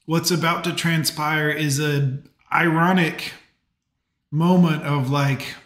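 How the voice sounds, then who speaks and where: A man's voice: a little high, fairly even intonation, takes it slowly, fairly bright tone, roomy sound. A man hosting a live stream, talking casually and rambling with plenty of fillers. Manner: chatty, rambling, lots of fillers. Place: home.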